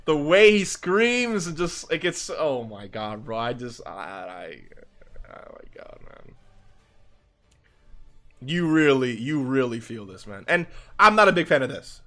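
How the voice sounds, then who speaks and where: A young man giving excited reaction commentary on game animations, gushing and restarting his sentences, calling the viewer dude and bro. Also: on the high side, normal speed, few pauses. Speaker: gaming YouTuber.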